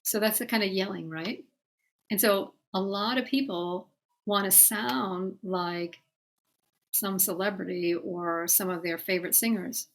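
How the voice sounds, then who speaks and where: A woman's voice: mid-range voice, steady tone, a little slow. A woman voice teacher giving a singing lesson, explaining patiently and talking directly to her students. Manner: breaks off to sing short demonstrations.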